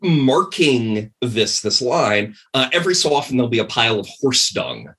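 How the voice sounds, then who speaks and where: Man, podcast guest, rambling casual storytelling, lively pitch, bright husky voice. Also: normal speed. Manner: rambling, animated, many fillers. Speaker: podcast guest, game designer.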